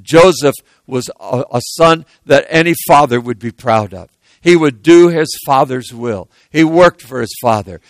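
A man's voice: mid-range voice, expressive, a little slow, no room sound. A man preaching a sermon, retelling a story in a folksy way with asides to his congregation.

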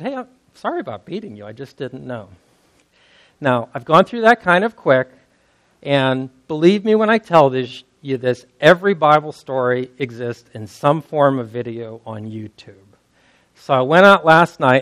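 Preacher guy telling a bible story, chatty and easy, mid-pitched voice. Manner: casual, conversational, animated. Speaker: pastor. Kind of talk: sermon storytelling.

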